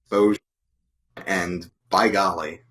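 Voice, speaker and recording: A man's voice: deep voice, steady tone, slow, a bit bright, poor audio. A man co-hosting a casual live stream, answering with short, mild exclamations and telling a brief spooky tale. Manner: reacts with mild exclamations like "oh my goodness". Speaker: podcast co-host.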